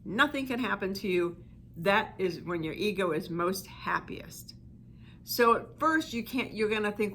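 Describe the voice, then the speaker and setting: Bright-voiced woman talking casually. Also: mid-range voice, normal speed, a little hiss or hum. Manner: conversational, full of "you know" asides. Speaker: inner child healing coach. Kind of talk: reflective talk to listeners.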